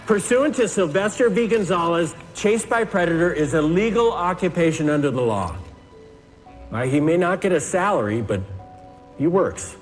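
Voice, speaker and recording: An actor playing a down-on-his-luck attorney pleading in court in a comedy film, halting and deadpan, with music playing under the scene. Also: high voice, in a large hall, pitched above the performer's own voice. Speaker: lawyer in court.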